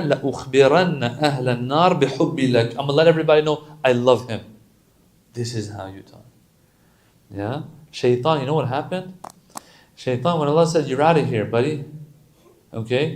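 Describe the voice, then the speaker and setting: A man giving a casual, animated sermon to a gathering, joking at times and reciting Arabic supplications quickly before explaining them. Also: mid-range voice. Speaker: religious lecturer.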